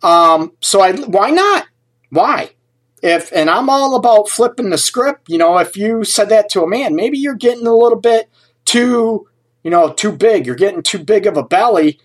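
A man's voice: sits high, expressive, normal speed. A man working as a relationship coach, talking on a live stream and answering viewers' comments by name, chatty and often laughing mid-sentence.

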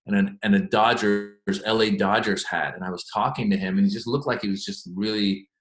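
Chatty low-voiced man in an echoey room. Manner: chatty, animated storytelling with quick asides. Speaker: stand-up comedian. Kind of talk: interview answers.

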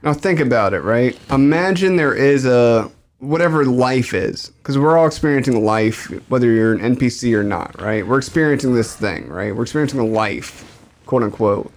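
A man's voice: mid-range voice, animated, moderate pace. A man co-hosting a podcast, talking casually and rambling through big ideas, often repeating his words. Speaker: podcast co-host.

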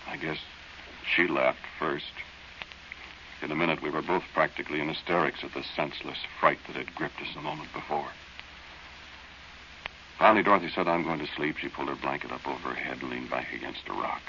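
A man's voice: rumbling low, steady tone, a little fast, pauses often, bright, forceful tone, heavily acted. A man narrating as a young man recalling an eerie night adventure, plain-spoken storytelling in 1940s radio acting style. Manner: plain-spoken storytelling, drops to tense murmurs. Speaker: narrator and lead character. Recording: dull old radio recording with faint hiss.

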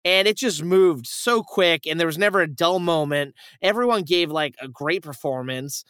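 On his film-review podcast, a young man whose fairly high voice is clear and resonant retells a plot at a moderate pace, rambling, swearing, and acting out quotes in an easygoing chat. The audio is studio quality with no room sound.

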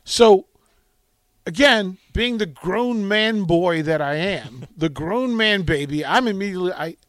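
Male radio host, high lively voice, dry studio sound, animated storyteller. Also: measured pace, no room sound. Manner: animated storytelling, dramatic swings from loud to hushed. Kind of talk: casual call-in radio chat.

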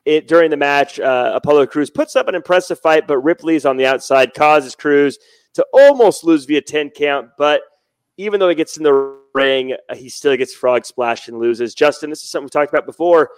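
A man's voice: a little high, normal speed, clean tone, no echo. A man hosting a wrestling podcast, running the show and passing questions to his panelists. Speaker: podcast host.

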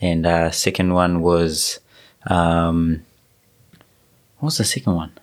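Deep-voiced easygoing podcast host man. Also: takes it slowly. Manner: relaxed, easygoing, many fillers. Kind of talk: casual chat.

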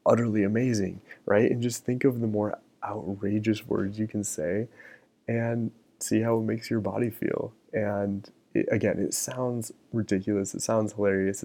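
A man's voice: fairly low pitch, gravelly. A middle-aged man hosting a solo podcast, talking casually with many ums and you-knows. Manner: relaxed, many fillers like um and you know. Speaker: podcast host.

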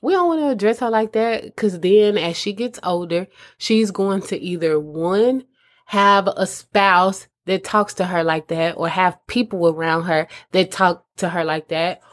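A woman's voice: lowish voice, unhurried. A woman giving earnest, conversational advice to mothers as a host. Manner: earnest, conversational, addresses listeners as mamas. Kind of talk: casual advice talk.

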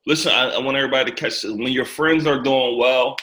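A man hosting a casual podcast interview, talking in an emphatic, animated way. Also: medium pitch, fast talker. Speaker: podcast host. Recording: echoey room.

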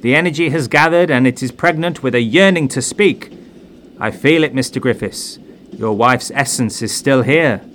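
A man's voice: mid-range voice, normal speed, a bit bright, slight background noise, lightly acted. A man voicing a theatrical woman clairvoyant in a dramatic, declaiming manner. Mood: entranced.

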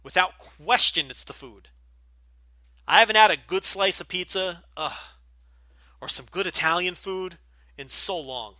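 Middle-aged podcast host from New Jersey, light Jersey accent, bright and sharp tone, blunt and profane, dry close mic. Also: male voice, high-pitched, unhurried, long pauses, no room sound. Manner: blunt, profane, rambling with many fillers. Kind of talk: casual Q&A podcast.

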